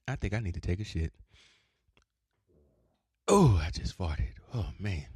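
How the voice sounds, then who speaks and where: Lively, profane man rambling. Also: low voice, unhurried, pauses often, breathy edge, dry recording, studio quality. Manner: profane, loud swings and sudden shouts. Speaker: podcast host. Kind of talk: rambling casual monologue.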